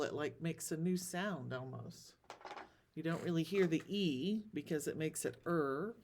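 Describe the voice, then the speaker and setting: A woman teacher giving a recorded lesson, sounding out words slowly and carefully. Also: fairly low pitch, a little mellow, a little hiss or hum. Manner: slow, drawn-out word sounding.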